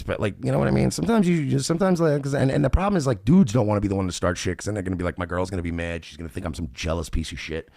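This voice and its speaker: A man's voice: lowish voice, vocal fry, dry recording, clean studio sound. A male podcast host in a crude, rambling monologue full of swearing, acting out what other people say. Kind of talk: casual monologue.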